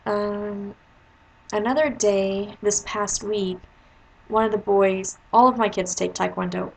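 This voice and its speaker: A woman speaking in a mid-pitched voice, chatting straight to the camera about her teaching day. She rambles in a relaxed, conversational way and jumps up in pitch whenever she quotes her pupils. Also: takes it slowly, creaky, poor audio. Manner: chatty, jumps into high voices when quoting kids. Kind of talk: casual storytelling vlog.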